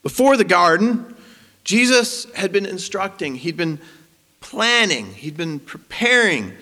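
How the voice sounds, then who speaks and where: Guy pastor preaching, slightly high voice, big echo like a church hall. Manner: animated, rises in emphasis. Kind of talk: sermon. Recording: long hall reverb.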